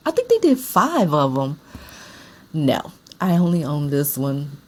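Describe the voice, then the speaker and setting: A woman's voice: low voice, sing-song, unhurried, a little mellow, breathy edge. A woman chatting casually about her movie collection as a vlogger, emphatic and repeating herself for effect. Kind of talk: casual chat about films.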